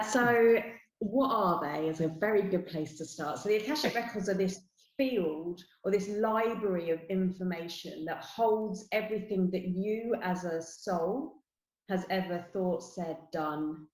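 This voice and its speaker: A middle-aged woman with a London accent explains her work in an earnest, steady way, often adding "you know." Her voice sits on the low side. The recording has a roomy echo around it. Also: a little slow. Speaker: guest, spiritual teacher. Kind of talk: interview explanation.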